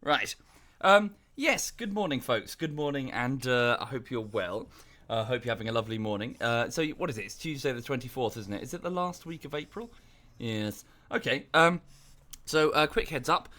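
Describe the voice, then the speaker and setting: A man's voice: medium pitch, animated, normal speed, pushed and bright. A man streaming from home in a casual, rambling chat, a bit out of breath. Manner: chatty, rambling with many fillers. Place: home room.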